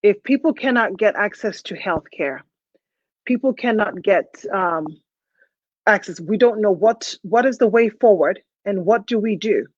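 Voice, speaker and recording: A woman hosting a live call-in talk show, emotional and halting, with many hesitant restarts. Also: medium pitch, animated, dry recording, lo-fi sound.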